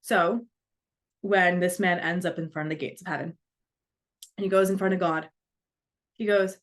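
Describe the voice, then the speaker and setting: A woman's voice: on the low side, fairly even intonation, normal speed, pauses often. A woman giving a storytelling talk, earnest, acting out the voices of the people she quotes. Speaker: speaker.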